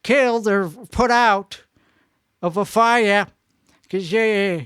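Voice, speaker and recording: A man's voice: high voice, slow, long pauses, a bit bright, clean tone, dry recording, clean studio sound. A man hosting a podcast, rambling through a comic monologue and slipping in and out of a put-on frantic Chicago-style accent, cutting himself off mid-thought. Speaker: podcast host. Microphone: two microphones up close.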